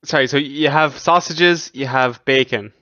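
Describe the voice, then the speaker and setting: A man's voice: mid-range voice, a little slow, sharp tone, muffled recording. An Irish man co-hosting a podcast, teasing his partner with dry questions in casual banter. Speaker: podcast co-host.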